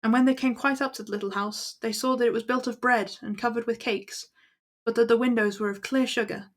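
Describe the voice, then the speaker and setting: A woman's voice: on the high side, steady tone, a little fast. A woman reading old fairy tales aloud to her stream at an easy pace, with small slips. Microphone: laptop built-in mic.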